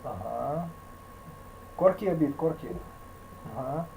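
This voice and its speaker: A man with a Russian accent teaching piano in a video call, speaking halting English mixed with Russian fillers and scatting melodies. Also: fairly high pitch, animated, vocal fry, low-quality recording. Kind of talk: online piano lesson.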